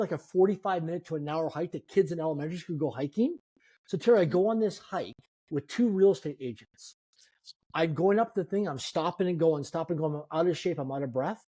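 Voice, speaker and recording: A man in his fifties, a guest telling animated, self-deprecating stories in a conversation. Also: on the high side, breathy edge. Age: 50s. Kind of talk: storytelling in a conversation.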